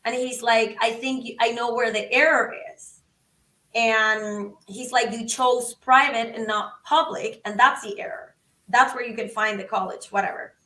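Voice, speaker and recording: High, bright-voiced woman storyteller. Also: fairly even intonation, unhurried. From Venezuela. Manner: acts out both sides of conversations, exclaims. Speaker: podcast guest. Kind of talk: animated storytelling. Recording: roomy, from a distance.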